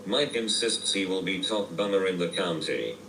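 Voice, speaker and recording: A text-to-speech male voice reading out viewer messages in a flat, mechanical way. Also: sits low, normal speed. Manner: flat, mechanical delivery, reads out emoji names. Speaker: text-to-speech chat reader. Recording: roomy, distant and noisy playback.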